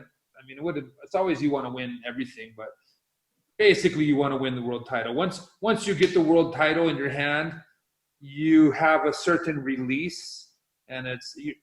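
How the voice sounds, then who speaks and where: A middle-aged man, a podcast guest, telling a long story in casual conversation and acting out his own past reactions. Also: on the high side. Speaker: podcast guest, professional windsurfer. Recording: roomy echo.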